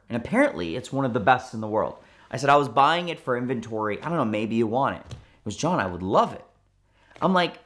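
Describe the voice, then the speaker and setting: Guy in his 30s, car dealer telling a story, kinda low voice, lots of restarts and quoting people. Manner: animated, many restarts and quoted dialogue. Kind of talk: storytelling interview.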